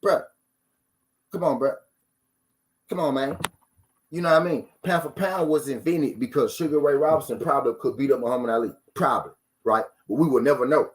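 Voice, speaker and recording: A man's voice: medium pitch, brisk, pauses often. A man hosting a boxing talk stream, ranting casually to his viewers with profanity, rhetorical questions and lines repeated for emphasis.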